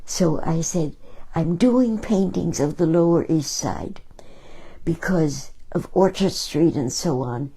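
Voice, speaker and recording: A woman's voice: low voice, dark tone, slightly rough, poor audio. A woman painter talking casually about her paintings, telling stories with emphasis. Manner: slow, storytelling, emphatic.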